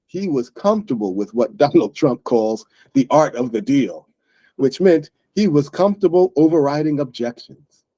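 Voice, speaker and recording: Man teaching English, lively voice. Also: mid-range voice, husky, dry recording. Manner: explains slowly and plainly, checks in with "right?". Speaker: English teacher, book club host. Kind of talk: English lesson for learners.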